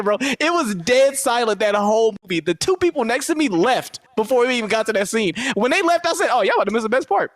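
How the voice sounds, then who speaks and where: Animated, profane podcast co-host. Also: male voice, extremely high pitch, brisk, dry recording. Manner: animated, profane, acts out quotes in voices. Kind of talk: casual movie review chat.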